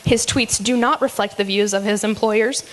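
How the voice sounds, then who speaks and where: A woman's voice: mid-range voice, fairly even intonation, moderate pace. A woman hosting a live comedy roast, teasing speakers with a giggly, filler-heavy delivery. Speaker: roast emcee.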